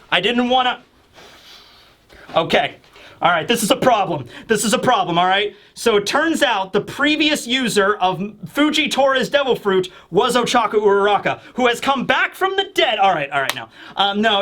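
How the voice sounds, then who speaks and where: A man giving a casual comic review on video, excitable and animated, bursting into shouts. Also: high-pitched. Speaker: manga reviewer.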